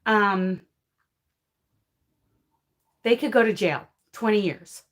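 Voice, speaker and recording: Emotional woman host, slow and emphatic. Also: mid-range voice, slight background noise. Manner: emphatic, apologetic, emotional, laughs often; reads and answers viewer comments. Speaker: crochet livestream host. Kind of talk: casual livestream chat.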